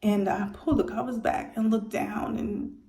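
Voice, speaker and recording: A woman tells the story of her own premature birth, speaking haltingly and with emotion. She restarts her sentences often. Her voice sits at a middle pitch and carries a noticeable room echo. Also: steady tone, vocal fry, warm tone. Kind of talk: personal storytelling monologue.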